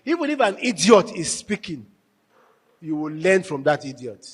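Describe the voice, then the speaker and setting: A man's voice: fairly high pitch, big pitch swings, moderate pace, breathy edge. A man giving a marriage workshop talk, telling stories and acting out both spouses. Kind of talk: lively workshop talk with acted anecdotes. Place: workshop hall.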